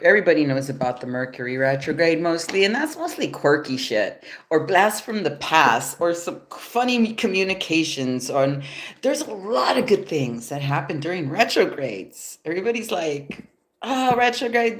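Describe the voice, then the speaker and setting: A woman's voice: sits low, sing-song, normal speed. A woman with a stuffy, nasal voice doing a casual tarot reading on a livestream, laid-back and loose, swearing in passing and chuckling often. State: nasal from allergies. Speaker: tarot reader. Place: home after yoga. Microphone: phone.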